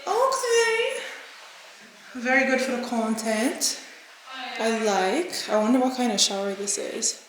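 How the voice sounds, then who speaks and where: Bubbly female vlogger, higher voice, casual to-camera chat in an echoey apartment. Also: steady tone, moderate pace, crowd noise. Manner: bubbly, chatty, exclamatory, mixes in Dutch words. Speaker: travel vlogger. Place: apartment indoors, with companions.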